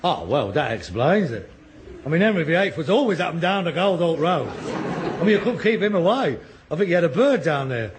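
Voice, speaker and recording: A man mocks and scoffs in a high voice that swoops up and down with exasperation. His delivery is dry and sarcastic, suited to a radio sitcom. Light hiss sits under the old recording. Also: big pitch swings, fairly quick. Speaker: grown son in a sitcom. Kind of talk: 1960s British radio sitcom acting.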